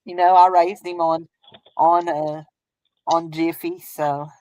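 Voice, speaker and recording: A woman's voice: lowish voice, flat delivery, takes it slowly, warm tone, dry recording, poor audio. A woman with a Southern US accent who hosts a crafting stream, chatting casually in a rambling, folksy way and laughing often. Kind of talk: casual chat while crafting.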